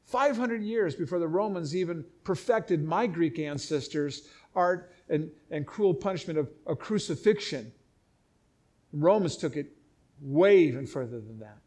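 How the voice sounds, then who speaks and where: Middle-aged guy preaching hard, pretty high voice, keeps restarting his sentences. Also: lively intonation, a little slow, a little mellow. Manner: emphatic, impassioned preaching with repeated restarts. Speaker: pastor. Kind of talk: sermon, reading and explaining scripture.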